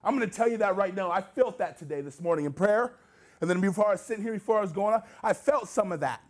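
This American preacher has a high-pitched, animated voice and talks fast in a church sanctuary. His sermon recounts his personal testimony in a casual way before building earnestly into urgent exhortation.

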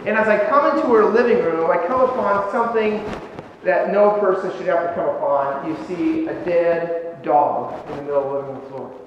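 A male pastor telling a story in a sermon, conversational and animated, with many fillers and restarts. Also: sits high, moderate pace. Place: church sanctuary. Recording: echoey church hall, dull sound, faint noise.

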